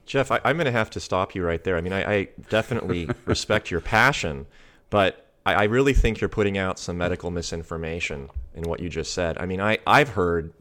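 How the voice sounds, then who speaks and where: Male host, low voice, halting, polite, stammers. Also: fairly bright tone. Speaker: talk show host. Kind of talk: talk-show interview.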